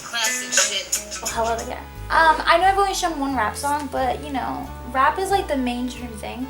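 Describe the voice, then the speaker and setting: Young woman, high voice, rambling self-mocking chatter, echoey room, off-mic, music behind. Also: expressive, a little fast, a bit bright, far from the mic. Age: young adult. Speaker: vlogger. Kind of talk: casual chat while wrapping gifts. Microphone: camera mic.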